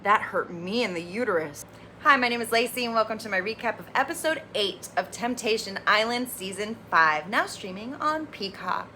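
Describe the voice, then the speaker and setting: A woman hosting a casual TV recap vlog, animated and opinionated, with lively, candid commentary. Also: mid-range voice, normal speed, slight background noise. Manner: animated, opinionated, acts out quotes. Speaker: recap reviewer, channel host.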